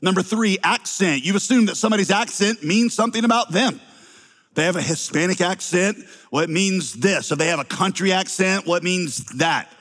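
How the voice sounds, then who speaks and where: A man's voice: high-pitched, moderate pace, a bit bright. Man, pastor, slight Southern accent, middle-aged, sermon, wry asides, long hall echo. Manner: wry, teasing asides to the congregation.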